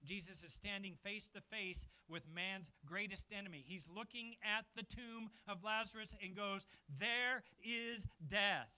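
High, bright-voiced preaching pastor. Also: male voice, fairly even intonation, moderate pace, hardly any pauses. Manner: emphatic preaching, swinging from quiet to loud. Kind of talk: sermon. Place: church service.

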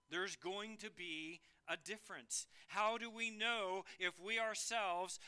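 A man preaching a sermon earnestly, swinging between emphatic declarations and hushed, quiet phrases. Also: sits high, clear, resonant tone.

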